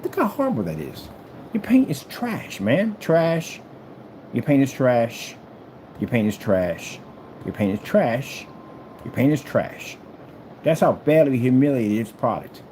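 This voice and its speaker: A man showing off his product in a vlog, taunting a rival and repeating his jabs. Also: a little hiss or hum. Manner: taunting and trash-talking, repeats phrases; animated swings between loud and low. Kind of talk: boastful product demo vlog.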